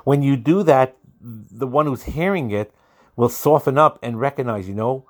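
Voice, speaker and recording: A man's voice: mid-range voice, normal speed. A man teaching a religious class on marriage, talking earnestly and repeating himself, with Hebrew and Yiddish terms mixed into his English. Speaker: Torah teacher.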